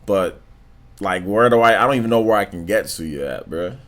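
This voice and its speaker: A man hosting a live stream, chatting casually with viewers in a low, monotone, laid-back way, full of slang and filler words. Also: normal speed. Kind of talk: casual stream chat, reading donations and comments.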